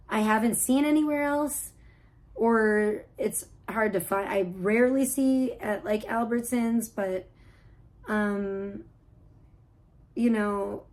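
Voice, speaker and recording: A woman's voice: mid-range voice, poor audio. Rambling chatty woman streamer. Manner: rambling, chatty, full of fillers and restarts. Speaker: live streamer. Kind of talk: casual live-stream chat. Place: at home with her cat.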